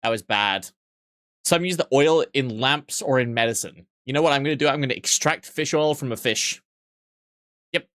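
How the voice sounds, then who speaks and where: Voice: mid-range voice, moderate pace, a bit bright, dry recording, clean studio sound. A streamer chatting casually with viewers, rambling and self-mocking, with frequent swearing.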